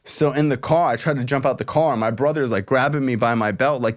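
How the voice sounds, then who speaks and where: Speaking fast with hardly a pause, this medium-pitched man hosts a podcast and recounts a story in a chatty way. He gets animated, acting out each quoted voice.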